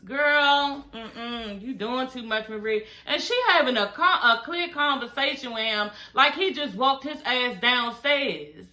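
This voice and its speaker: A woman's voice: high voice, bright, forceful tone. A woman vlogger casually recapping a reality show, sassy and profane, talking straight to her viewers. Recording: echoey room.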